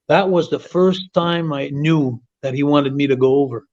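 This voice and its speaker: A man from Quebec, telling animated stories as an interview guest, often repeating and restarting words. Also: on the high side, moderate pace, few pauses. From Quebec, Canada. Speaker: interview guest, former wrestler. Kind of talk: casual storytelling interview. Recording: dull lo-fi audio.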